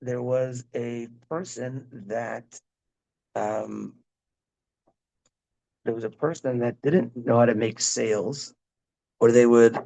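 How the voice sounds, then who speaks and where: A man's voice: medium pitch, fairly even intonation, slow pace, vocal fry, pauses often, warm tone, poor audio. A middle-aged man, a rabbi, teaching a parenting class in a casual, rambling way, often repeating himself and breaking off mid-sentence. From Israel-educated, speaks Hebrew. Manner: rambling, self-interrupting, repeats words.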